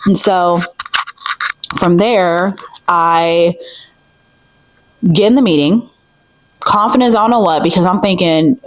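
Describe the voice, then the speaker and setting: A young woman in her twenties casually telling a vlog story, animated and emphatic with many fillers. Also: lowish voice, measured pace, pauses often, no room sound, poor audio. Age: 20s. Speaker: vlogger.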